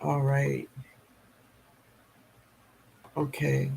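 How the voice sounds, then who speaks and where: A man's voice: medium pitch, completely flat delivery, extremely slow, gravelly, a little mellow, slight background noise. A middle-aged man hosting a live gardening stream, reading the chat aloud and greeting viewers by name, laughing often.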